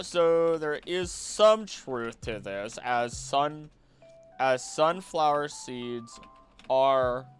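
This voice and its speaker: A young man chatting casually on a stream, rambling and excitable, jumping between topics and often restarting his sentences. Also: mid-range voice. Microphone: desk mic.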